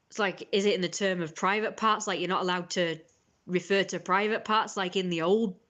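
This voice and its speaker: Indignant and sarcastic, a woman rants to her stream at mid pitch. She rambles, laughs at her own jokes, and coughs now and then. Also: steady tone, moderate pace, fairly bright tone. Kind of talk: casual ranting monologue.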